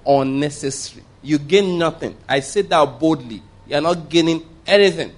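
Pastor guy preaching, kinda high voice, keeps repeating himself and asking "what did i say?". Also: moderate pace. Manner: emphatic, repeats points and asks the audience rhetorical questions. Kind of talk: sermon.

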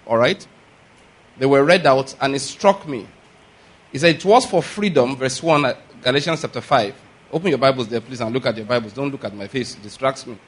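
A middle-aged male pastor preaching a sermon in an earnest, emphatic way, often checking that his listeners follow. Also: fairly high pitch.

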